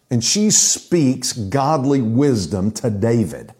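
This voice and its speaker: A middle-aged man preaching a sermon, telling Bible stories in a lively way and acting out the characters' lines. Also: medium pitch, a little slow. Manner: lively storytelling, acting out quotes. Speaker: pastor.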